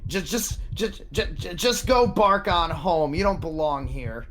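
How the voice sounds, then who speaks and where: Un hombre haciendo de guardia matón y burlón. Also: male voice, on the high side, sing-song, slow, a bit bright, faint music behind, voice pushed up, heavily acted. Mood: mocking. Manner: sneering, mocking, stammering. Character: burly rough male human cult guard, taunting.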